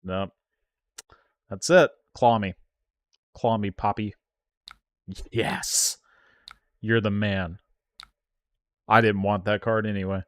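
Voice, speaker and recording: A lower-pitched man talks through his card game at an unhurried pace, recorded dry and close. He reacts out loud to every play, yelping and groaning as he addresses his chat. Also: fairly even intonation, dry recording. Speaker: streamer playing an online card game. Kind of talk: live gameplay commentary.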